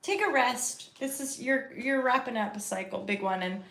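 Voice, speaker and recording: A woman's voice: fairly high pitch, moderate pace, vocal fry, a bit bright. A woman giving a casual live tarot reading, rambling and chatty as she talks to her viewers. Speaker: tarot reader and host. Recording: roomy echo.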